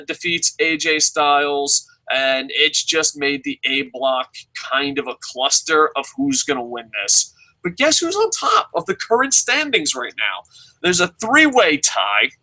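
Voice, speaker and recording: A man reviewing wrestling shows in casual, profane commentary, excitable, with frequent swearing and stammering. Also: on the high side, poor audio.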